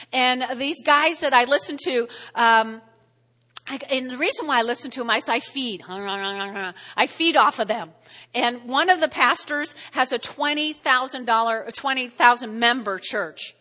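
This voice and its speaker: A middle-aged woman pastor with a New Jersey accent preaching a sermon, energetic and checking in with the congregation. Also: fairly high pitch, big-room sound. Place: church sanctuary.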